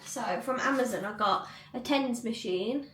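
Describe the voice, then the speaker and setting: A woman's voice: fairly high pitch, moderate pace, a bit bright, echoey room, recorded from a distance. A young woman vlogging in casual chat at home, rambling, with lots of likes and ums. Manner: chatty, rambling, many fillers. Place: cluttered home room.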